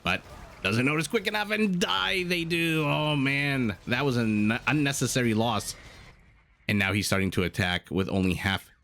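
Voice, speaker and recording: A man casting a strategy game match as a tournament co-host, excitable and prone to rambling tangents. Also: medium pitch, moderate pace, a little hiss or hum. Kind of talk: esports match commentary.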